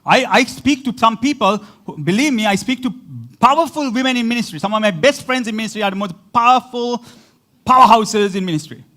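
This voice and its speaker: A high-pitched man preaches with great animation, hammering words by repeating them. He drops into laughing asides between points, sounding like a pastor delivering a sermon to his congregation. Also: a little fast, pushed and bright.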